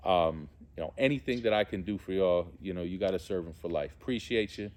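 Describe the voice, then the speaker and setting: Earnest low-voiced man. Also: brisk, darkish tone. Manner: earnest and heartfelt, searching for words. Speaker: theologian and musician. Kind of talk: personal spiritual testimony.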